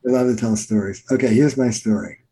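A middle-aged therapist and author from New Jersey tells stories in a conversational interview, animated and acting out the quotes. His medium-pitched voice is fast and carries vocal fry. The recording is low quality.

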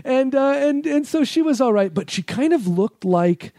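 A man's voice: extremely high pitch, expressive, normal speed, warm tone, a little hiss or hum. A man guesting on a podcast, telling rambling, profane stories in casual chat and laughing often. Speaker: podcast guest, former adult-film editor.

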